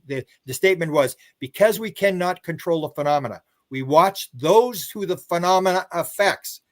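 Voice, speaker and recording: A man with a fairly high speaking voice, talking as an interview guest. He rambles through stories, repeats words and restarts his sentences, and lifts his pitch when he voices other people's lines. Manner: acts out quoted dialogue with a livelier pitch; chuckles while talking. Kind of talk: casual storytelling on a live stream.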